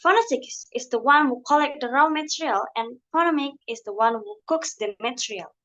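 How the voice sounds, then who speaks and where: A young woman from Indonesia giving a class presentation, explaining carefully and a little haltingly from her notes. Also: sits high, animated, fairly bright tone, lo-fi sound. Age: young adult. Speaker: student presenter.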